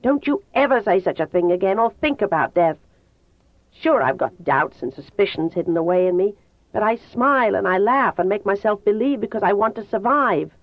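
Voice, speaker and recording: A woman reading an audiobook voices an earnest, protective teenage boy in a lowered, hushed voice. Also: expressive, normal speed, no room sound, lightly acted. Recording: tinny phone-like dry sound.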